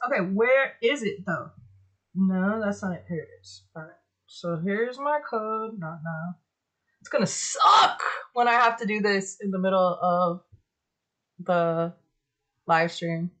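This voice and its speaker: A woman's voice: medium pitch, slow pace, pauses often, a bit bright. A young adult woman streaming live, chatting casually and swearing while she fixes her setup, humming little ditties along the way. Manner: profane, chatty, talks to herself while fiddling with tech; sings little ditties under her breath.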